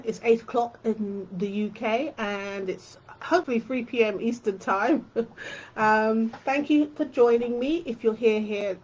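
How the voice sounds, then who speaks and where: A woman's voice: mid-range voice, a little mellow, lo-fi sound. A woman hosting a quilting tutorial live stream, chatting casually and fondly with her viewers.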